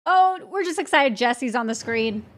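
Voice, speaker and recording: A woman streaming a video game, reacting excitedly, cursing and laughing and yelping when startled. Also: on the high side, moderate pace, dry recording. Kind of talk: live gameplay reactions.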